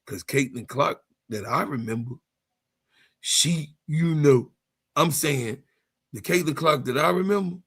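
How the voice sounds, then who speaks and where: A man in his fifties ranting in a casual sports vlog, animated and heated, laughing and swearing freely. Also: a little high, measured pace, husky. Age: 50s. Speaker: sports vlogger.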